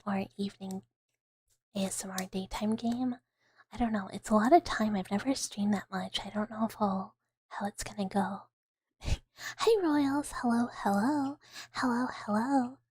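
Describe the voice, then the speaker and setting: A woman from the American South, chatting in a whispered ASMR live stream. She whispers softly and rambles, with many fillers. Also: mid-range voice, slightly rough, no room sound. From Southern United States.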